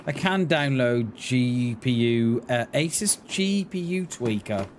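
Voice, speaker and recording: A male game streamer speaks slowly but with animation, his pitch sitting in the medium range. The livestream chat is casual, rambling, and hesitant, with lots of repeated words and game audio playing behind him.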